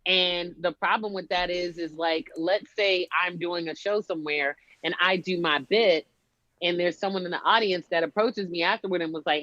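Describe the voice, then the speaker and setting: A woman comic chats casually and tells animated stories, acting out the lines of the people in them. Her voice comes through dry and close, with a dull, lo-fi sound. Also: fairly low pitch, moderate pace, dry recording. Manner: animated storytelling, acts out quotes. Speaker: stand-up comedian. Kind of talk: casual chat.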